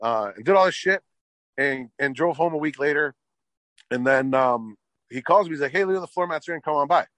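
A man's voice: a little high, expressive, fairly quick, a bit bright, no room sound. A man telling a long car story in casual chat, swearing often and filling with "like". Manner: profane, rambling, fillers like "like".

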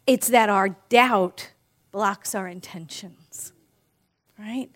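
Preaching in a medium-pitched voice, this minister keeps her sermon warm and conversational. Key lines get repeated slowly for emphasis, and she frequently checks in with a "right?"

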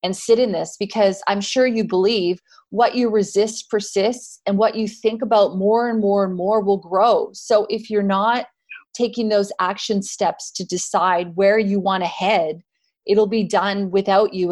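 A woman hosting a spiritual podcast. She backs up her guest with earnest, affirming encouragement in a voice of middle pitch. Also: fairly even intonation, measured pace, darkish tone. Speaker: podcast host. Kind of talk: casual spiritual conversation.

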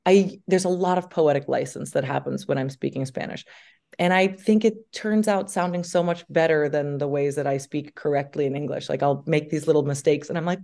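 Woman guest, 30s, gravelly voice, animated and chatty, video call. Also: sits low, normal speed. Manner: animated, chatty, with many fillers. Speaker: actress, guest. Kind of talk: casual interview chat.

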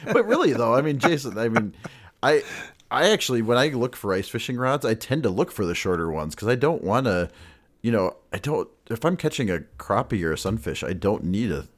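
Very deep-voiced man, giggly co-host. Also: expressive, brisk. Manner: giggly, easygoing, laughs often. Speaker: podcast co-host. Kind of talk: casual chat.

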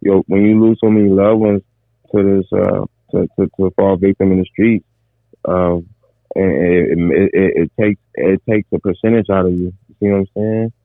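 A man from Minneapolis with a fairly low voice chats casually on a podcast, easygoing and unhurried. His voice comes through a thin, tinny, phone-like line with a dry, close sound. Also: level tone, vocal fry, dry recording. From Minneapolis, USA. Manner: laid-back, repeats "bro" and "man". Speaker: podcast co-host. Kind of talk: casual chat.

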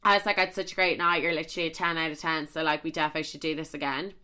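A woman's voice: low voice, little pitch movement, rapid-fire, pushed and bright, clean tone. A young Irish woman telling a story in a casual chat to camera, swearing freely and filling her talk with "like". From Ireland. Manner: chatty, swears a lot, full of "like" fillers.

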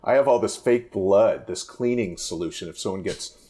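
Low-voiced man telling a rambling story. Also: normal speed. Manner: rambling, animated anecdotes with frequent restarts. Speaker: fishing guide, guest. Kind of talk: casual storytelling in a podcast interview.

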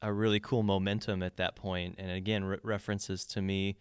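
A man's voice: low voice, flat delivery, fairly quick, smooth, no echo, clean studio sound. A man co-hosting a podcast, talking through an album in an enthusiastic, detailed way with frequent restarts. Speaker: podcast co-host. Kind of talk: casual album discussion.

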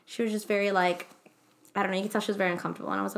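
A woman's voice: mid-range voice, little pitch movement, very fast, creaky. Young woman rambling through a story. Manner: rambling, lots of fillers and self-corrections. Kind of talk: casual storytelling chat.

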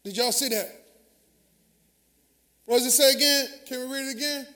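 In a large church sanctuary, a pastor from the Southern US gives a sermon at a moderate pace, his voice unusually high for a man. He's animated and conversational, swapping call-and-response lines with the congregation as long hall reverb follows each phrase.

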